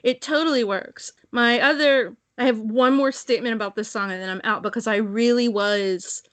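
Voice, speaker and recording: A woman's voice: a little high, normal speed, fairly bright tone, no room sound. A woman co-hosting a fan podcast, chatting casually and animatedly, swearing and laughing often. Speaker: podcast co-host. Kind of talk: casual chat.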